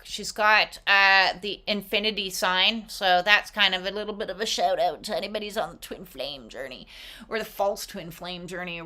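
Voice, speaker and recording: A woman giving a casual, reflective oracle card reading, with expressive asides and casual swearing. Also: mid-range voice.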